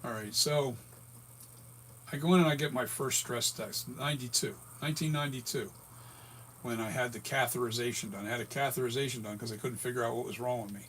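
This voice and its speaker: A man in his sixties, hoarse from a breathing tube, telling a rambling story with many self-corrections in a casual vlog. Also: mid-range voice, fast, fairly bright tone, a little hiss or hum. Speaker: latex mask and prop maker.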